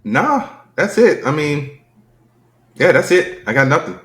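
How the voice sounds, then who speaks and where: A man co-hosting a casual podcast, joking and expressive. His pitch swings widely as he talks. The sound carries an echoey room. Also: unhurried. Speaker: podcast co-host. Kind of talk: casual chat.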